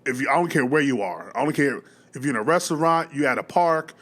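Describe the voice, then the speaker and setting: A man's voice: mid-range voice, lively intonation, fast talker, a bit bright. A man hosting a reaction video, talking loosely and rambling with lots of laughs and restarts. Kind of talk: casual reaction commentary.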